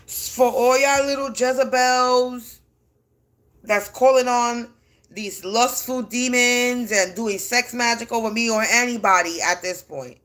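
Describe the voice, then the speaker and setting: A woman with a somewhat high voice holds forth on a livestream at home. She is blunt, defiant and profane, swearing freely as she insists she can't be intimidated. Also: a bit bright. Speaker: spiritual reader livestreaming. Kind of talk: ranting livestream monologue. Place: at home indoors.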